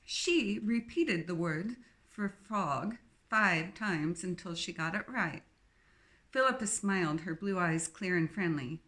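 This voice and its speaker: A woman reading a novel aloud in first person, expressive and lightly wry. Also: lowish voice, slow. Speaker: audiobook narrator. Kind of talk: scripted first-person narration.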